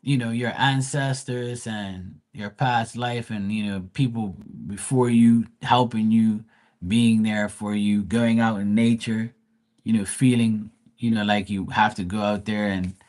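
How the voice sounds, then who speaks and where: Casual low-voiced man doing tarot live. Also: fairly even intonation. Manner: casual, rambling with many fillers; reads card text aloud slowly. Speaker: tarot reader. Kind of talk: live-stream tarot reading.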